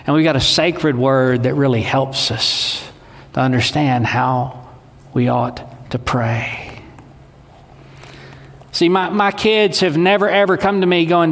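A man's voice: a little high, unhurried, a bit bright. A man, preaching a sermon in a conversational, folksy way. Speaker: pastor. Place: church sanctuary. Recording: long hall reverb.

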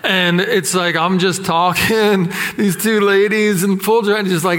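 Man preaching, high voice, bright and forceful, animated storyteller, long hall reverb. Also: takes it slowly, hardly any pauses. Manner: animated, self-deprecating storyteller. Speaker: pastor. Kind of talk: sermon with personal stories.

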